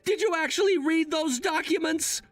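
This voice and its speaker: A man voicing a calm, calculating young adult son who speaks in a matter-of-fact, quietly scheming way. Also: very high-pitched, moderate pace, no echo, soft background music.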